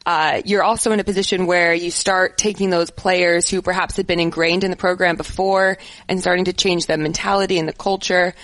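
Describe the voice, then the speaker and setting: A woman's voice: on the low side, flat delivery, fairly quick, few pauses, fairly bright tone, no room sound, low-quality recording. A woman football coach talking with enthusiasm and care in a casual interview. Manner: enthusiastic, earnest, laughs easily.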